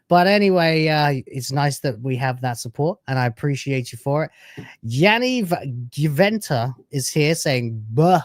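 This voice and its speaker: A man's voice: fairly high pitch, lively intonation, moderate pace, no echo, studio quality. A man hosting a live stream, chatting casually with brash, sarcastic, crude banter.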